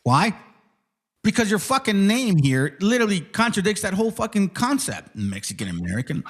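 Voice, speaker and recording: A man's voice: sits high, very animated, normal speed. Combative man hosting a heated debate. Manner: combative, interrupting, repeats himself, swears often. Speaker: host of a live debate stream.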